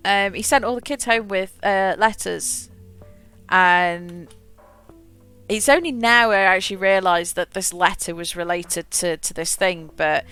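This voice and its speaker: A young woman streaming a game, telling a long school memory in a rambling, animated way with frequent laughs and self-corrections. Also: medium pitch, measured pace, smooth, soft background music. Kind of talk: casual storytelling while gaming.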